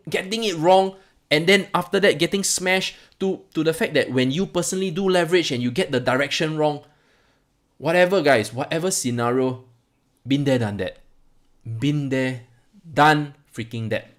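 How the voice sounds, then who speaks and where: A man talking straight to his viewers in a heated, emphatic rant. His voice sits a little high for a man, and he hammers points home by repeating words as he swings from calm explaining to agitated outbursts. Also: moderate pace. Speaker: crypto channel host.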